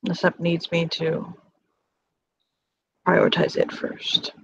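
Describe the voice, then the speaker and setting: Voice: medium pitch, monotone, takes it slowly, creaky, fairly bright tone, a little hiss or hum. Weary male werewolf alpha voiced by a player; dutiful, subdued, muffled mic.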